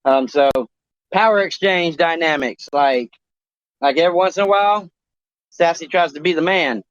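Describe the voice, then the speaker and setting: A man co-hosting a talk show in crude casual chat, rambling and halting, swearing often. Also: fairly high pitch, a bit bright, no echo. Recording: dry, dull lo-fi sound.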